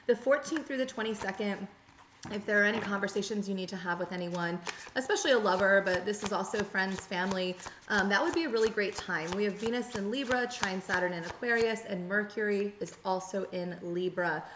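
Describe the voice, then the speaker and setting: A woman's voice: medium pitch, fairly quick. Earnest woman reading tarot in an echoey room. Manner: earnest, coaching, acts out quoted inner voices. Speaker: tarot reader. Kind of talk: direct-to-camera tarot reading. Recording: echoey room, faint noise.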